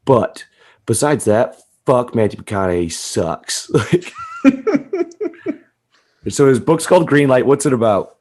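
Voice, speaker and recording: Crude, gravel-voiced man riffing on a podcast. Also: wildly swooping pitch, slow, long pauses, a little mellow. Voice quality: deep gravelly voice. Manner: crude, swearing, riffing with laughs. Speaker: podcast co-host. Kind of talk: casual comedy podcast chat.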